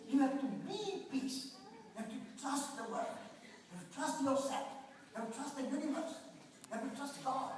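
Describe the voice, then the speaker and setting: A man, telling stories in a lively way at a conference talk. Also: extremely high pitch, a little hiss or hum. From India. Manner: animated storyteller, often laughing. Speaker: speaker at a conference. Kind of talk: storytelling talk. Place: lecture hall. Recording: echoey hall, voice from far off.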